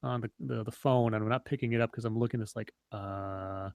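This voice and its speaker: A man's voice: fairly low pitch, steady tone, brisk, vocal fry, darkish tone, no echo. A man co-hosting a casual online chat, telling long stories with many fillers and restarts. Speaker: podcast co-host.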